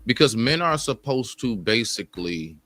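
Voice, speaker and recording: A man's voice: mid-range voice, sing-song, normal speed, a bit bright, dry recording. A man hosting a live stream, talking emphatically and candidly about men opening up. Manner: emphatic, preachy, conversational.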